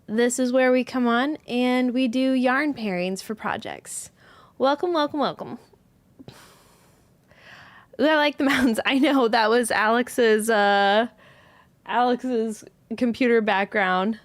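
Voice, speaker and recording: A woman's voice: on the high side, takes it slowly, no echo. Chatty woman hosting a yarn livestream. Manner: chatty, greeting viewers one by one, a little scattered. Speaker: host, yarn studio owner. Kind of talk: casual livestream chat, reading viewer comments.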